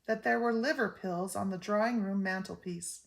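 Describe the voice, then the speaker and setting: A woman's voice: mid-range voice, moderate pace, vocal fry, lightly acted. An older woman voicing a tired, plain-spoken father in a storybook, with folksy, ungrammatical speech. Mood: weary. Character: weary old-fashioned father, small man.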